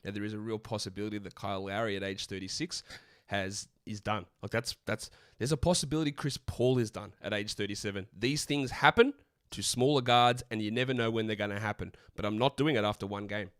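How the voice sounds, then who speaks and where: An Australian man co-hosting a live stream, answering viewer questions in a blunt, opinionated, rapid-fire way. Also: lowish voice, steady tone, fairly bright tone, clear, resonant tone, no echo, studio quality. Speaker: podcast co-host.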